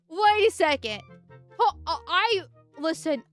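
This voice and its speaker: A high-pitched woman streamer gives live commentary over a game, quick to anger and full of swearing. She rambles, stumbles over restarts and bursts into heated rants, with faint music playing behind her. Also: animated, a bit bright. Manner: ranting, profane, quick to anger. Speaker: vtuber streamer.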